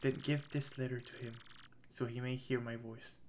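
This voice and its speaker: A man doing a quiet, remorseful old man. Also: mid-range voice, level tone, moderate pace, a little hiss or hum, natural voice. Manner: quiet, hesitant, regretful. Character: Bodley, sorrowful elderly male sea-bar keeper.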